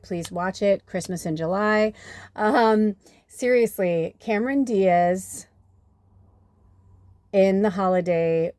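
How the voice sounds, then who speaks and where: A woman giving a casual tarot reading, chatty and rambling, swearing casually and sometimes dropping into soft whispers. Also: medium pitch, no room sound. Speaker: tarot reader and medium.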